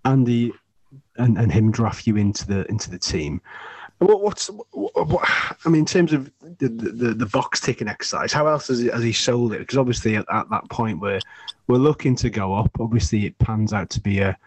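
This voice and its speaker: Halting husky-voiced male interviewer. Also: medium pitch, expressive, dry recording. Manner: halting, repeats words before each question. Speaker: podcast host. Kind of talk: interview questions.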